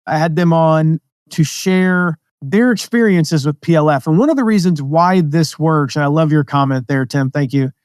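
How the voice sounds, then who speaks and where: A man from the American Midwest and South with a mostly neutral accent, hosting a podcast and teaching in a casual, energetic, conversational way. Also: a little high, moderate pace, dry recording, clean studio sound. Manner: energetic, conversational, jumps into quoted voices. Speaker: podcast host, affiliate marketing teacher.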